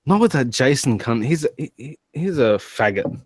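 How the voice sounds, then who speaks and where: A man's voice: mid-range voice, animated, normal speed, breathy edge, dry recording. A tipsy man in casual chat, boisterous, teasing and crude. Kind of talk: casual drunk chat on a stream.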